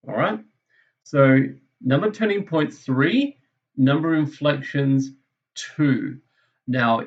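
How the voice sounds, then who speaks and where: On a screen recording, a maths teacher with a gravelly, creaky, slightly high voice works through a lesson. He talks casually, thinking aloud and correcting his own slips, and the sound is dull and lo-fi.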